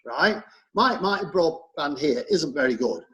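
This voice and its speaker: An English man co-hosting an opinion chat, conversational, telling stories with halting restarts. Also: a little high, expressive, a bit bright, rough recording. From England. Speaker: co-host.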